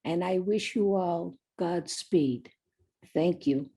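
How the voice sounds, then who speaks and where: A woman's voice: lowish voice, takes it slowly, mellow, husky. A woman giving a commencement address, urging the graduates earnestly and telling a story. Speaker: commencement speaker.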